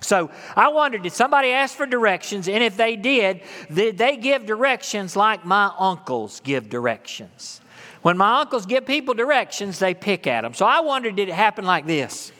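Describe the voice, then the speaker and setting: Male pastor, sermon delivery, high bright voice, conversational with call-and-response, long reverb. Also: big pitch swings, normal speed. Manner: conversational, warm-humored preaching with call-and-response.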